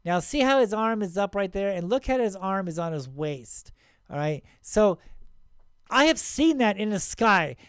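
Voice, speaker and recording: A middle-aged man hosting his own channel, talking excitedly and rambling, with many restarts and frequent "right?" checks. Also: sits high, unhurried, clean tone, no echo, clean studio sound. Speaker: channel host. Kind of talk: casual video commentary.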